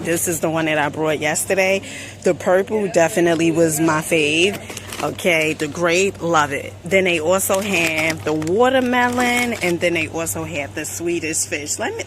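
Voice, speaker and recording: A woman from New Jersey chatting through a store haul vlog, sassy and quick with asides, calling viewers honey. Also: low voice, noisy background. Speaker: shopping haul vlogger. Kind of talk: casual product review vlog. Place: inside a store.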